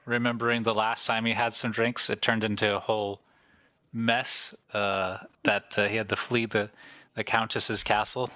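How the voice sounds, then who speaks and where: A man's voice: fairly low pitch, little pitch movement, normal speed, bright, forceful tone, no echo, dull audio. A man playing in a tabletop game, talking casually and hesitantly, repeating himself. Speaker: player.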